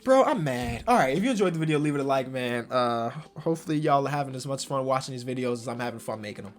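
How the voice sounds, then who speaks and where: A young man giving slangy commentary on a basketball video game, swinging from low muttering to loud excited yelling. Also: quick pace. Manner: slangy, talks to himself about the game. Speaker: gaming YouTuber.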